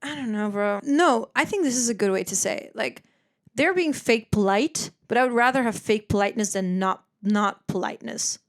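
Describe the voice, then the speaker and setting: A woman in her twenties from the Netherlands, hosting a podcast in casual chat, animated and swearing freely, acting out other people's voices. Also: on the high side, normal speed. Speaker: podcast host.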